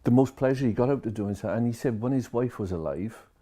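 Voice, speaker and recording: A man's voice: mid-range voice, fast talker, warm tone. A man, a social care worker telling a story to camera and retelling each conversation line by line.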